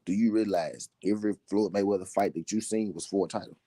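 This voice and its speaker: Deep dark-voiced man ranting about boxing. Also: steady tone, fast talker, dry recording, studio quality. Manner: repetitive, emphatic, laughing between points. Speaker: boxing talk show host. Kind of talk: casual live commentary.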